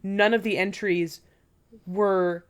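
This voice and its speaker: A young woman co-hosts a casual podcast, talking bluntly and chattily with plenty of fillers. Her voice sits at an ordinary middle pitch. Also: fairly even intonation, takes it slowly. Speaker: podcast co-host. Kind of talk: casual chat.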